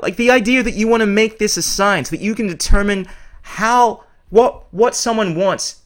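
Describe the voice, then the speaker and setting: Blunt ranting man, somewhat high voice. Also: normal speed. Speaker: podcast host. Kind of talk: opinionated monologue.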